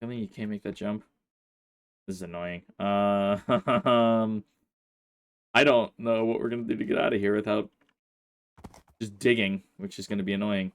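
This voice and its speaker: A man's voice: lowish voice, steady tone, normal speed, pauses often. Grumbling man narrating his gameplay. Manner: exasperated, grumbling, talks to his in-game horse. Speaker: let's play host. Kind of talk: casual gameplay commentary.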